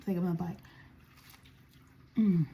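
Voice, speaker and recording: Gravelly-voiced woman chatting while eating. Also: on the low side, fairly even intonation, a little slow, warm tone, slight background noise. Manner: chatty, talks straight to viewers. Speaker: vlogger. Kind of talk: casual storytelling while eating. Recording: echoey room.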